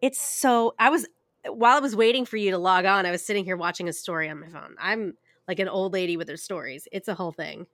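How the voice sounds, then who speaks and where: A woman's voice: medium pitch, fast, a bit bright. A woman co-hosting a podcast in casual chat, bubbly and laughing often. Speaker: podcast co-host.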